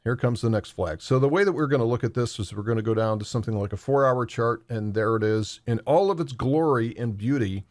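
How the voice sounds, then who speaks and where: A man talking through market charts in a chatty, animated way. He mimics traders' voices now and then. The sound is dry and close, with no room echo, and his pitch sits mid-range. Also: a little fast, few pauses. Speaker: crypto market analyst. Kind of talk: market commentary over charts.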